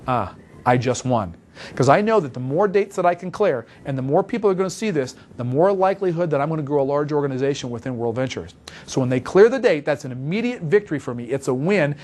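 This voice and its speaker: A man giving an instructional talk as a sales trainer, coaching in an emphatic, repetitive way. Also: fairly high pitch.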